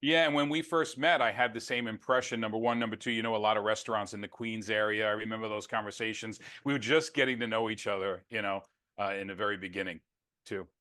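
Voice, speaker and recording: A man's voice: fairly low pitch, fairly even intonation, quick pace, bright, forceful tone. A man being interviewed on a podcast, telling stories about his career with wisecracking, self-deprecating humor. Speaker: guest, network marketer. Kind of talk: casual interview chat.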